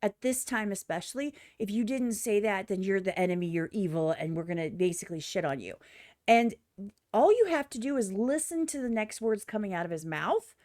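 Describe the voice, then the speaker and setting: A woman's voice: medium pitch, very animated, brisk, a little mellow, no echo, studio quality. A woman streamer giving blunt, profane reaction commentary on a music video, often mimicking other people in exaggerated voices.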